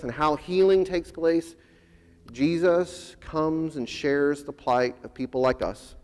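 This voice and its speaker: A male pastor preaching a sermon earnestly, often dropping his voice to a hush at the ends of phrases. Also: medium pitch, clean tone. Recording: long echo of a church hall.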